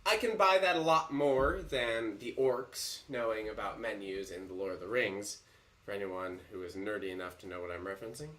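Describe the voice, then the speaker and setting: A man's voice: fairly low pitch, moderate pace, roomy sound, distant mic. A man teaching musical theatre songwriting, breaking into sung lines as he analyzes a song. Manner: animated, breaks into singing lines.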